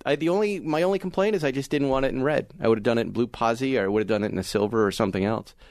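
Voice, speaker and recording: A man's voice: mid-range voice, racing, no echo. Enthusiastic middle-aged man, dry studio sound. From Massachusetts. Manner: enthusiastic, animated storyteller. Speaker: podcast co-host. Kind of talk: casual car talk chat.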